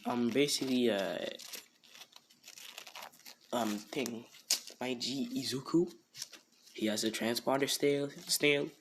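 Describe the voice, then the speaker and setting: A man's voice: mid-range voice, takes it slowly, pauses often, a little hiss or hum. A man casually improvising a fan story, rambling with many fillers like "you know" and "basically".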